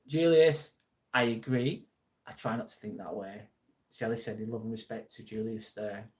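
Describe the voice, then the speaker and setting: A man's voice: lowish voice, moderate pace, darkish tone. A man from England with a Lancashire accent, hosting a live stream in casual chat, reading viewer comments aloud and answering earnestly with the odd swear. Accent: Lancashire English. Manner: earnest, supportive, swears now and then.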